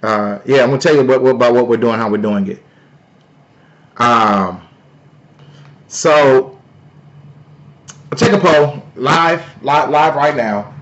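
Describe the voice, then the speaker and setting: A man hosting a live stream, talking loudly and playfully to his viewers in a casual sales pitch. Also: takes it slowly, long pauses, highs cut off, a little hiss or hum. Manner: loud, playful, talks to chat. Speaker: livestream host.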